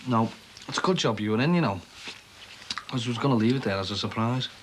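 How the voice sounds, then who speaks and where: A man's voice: mid-range voice, animated, fast talker, close to an everyday voice. An actor playing a wisecracking young working-class man in a TV soap, teasing and sarcastic. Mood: joking. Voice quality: teasing, sardonic. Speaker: son and boyfriend in a soap. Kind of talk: TV soap acting. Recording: noisy TV soundtrack.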